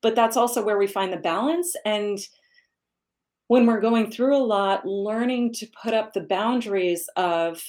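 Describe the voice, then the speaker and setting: A woman's voice: medium pitch, a little slow, a little mellow. A woman speaks with candor and emphasis as she shares a personal story of loss in a casual talk. Her voice sits in a middle range. She stresses key points firmly. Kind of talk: casual conversation about grief.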